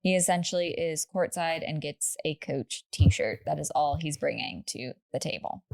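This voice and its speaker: A woman's voice: sits low, lively intonation, normal speed, gravelly, a little mellow. A woman co-hosting a podcast, telling a true story in casual chat with laughing asides and lots of "like".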